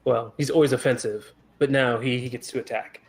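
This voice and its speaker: A man running a tabletop game as game master, giving relaxed rulings with a dry chuckle. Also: mid-range voice, a little fast, slightly rough.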